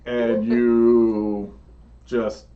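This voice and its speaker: A man narrating a tabletop game as game master, unhurried and laughing often. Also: medium pitch, level tone, far from the mic. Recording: dull lo-fi sound, faint room noise.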